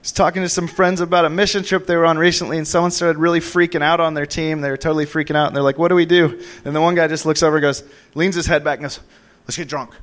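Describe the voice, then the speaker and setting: A young man preaching a charismatic sermon in a church room, rambling with many fillers, breaking into laughs and sudden high whoops. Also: flat delivery, very fast, fairly bright tone.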